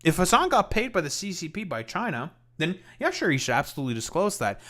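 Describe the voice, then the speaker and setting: A man's voice: high voice, sing-song, fast, pushed and bright. A man hosting a live stream, reacting to a clip with mocking, heated commentary full of swearing. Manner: mocking, heated, profane, with laughs. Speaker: streamer host.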